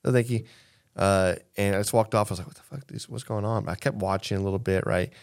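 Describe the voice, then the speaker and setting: A man's voice: sits low, quick pace, creaky. A man co-hosting a casual podcast, telling a story with profanity and acting out the people in it. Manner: animated storyteller, profane, acts out quotes. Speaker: podcast co-host.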